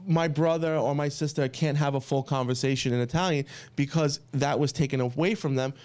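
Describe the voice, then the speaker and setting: A man's voice: mid-range voice, a little fast, clear, resonant tone. New man telling stories. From United States. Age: 30s. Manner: storytelling, animated when quoting family. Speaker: podcast guest, pizza chef. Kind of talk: casual podcast conversation.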